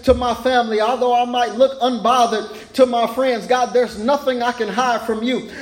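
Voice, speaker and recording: High-voiced preaching pastor, echoey. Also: male voice, fairly even intonation, moderate pace, few pauses. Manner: repeats words in rising preaching cadence. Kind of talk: sermon.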